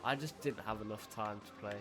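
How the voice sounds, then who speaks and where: A man's voice: on the low side, fairly quick, music in the background. A young man streaming and chatting casually while gaming, laid-back and rambling, often restarting his sentences.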